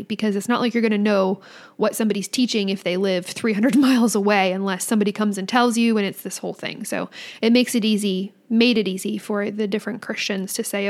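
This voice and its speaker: A woman's voice: medium pitch, fairly even intonation, a little fast. A woman co-hosting a casual podcast about faith, speaking earnestly and with animation. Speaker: podcast co-host. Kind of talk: casual religious discussion.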